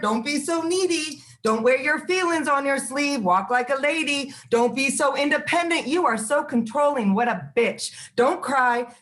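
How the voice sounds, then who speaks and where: A woman with a somewhat high voice performs a spoken word poem at an open mic. She delivers short phrases one after another in a steady, rhythmic way.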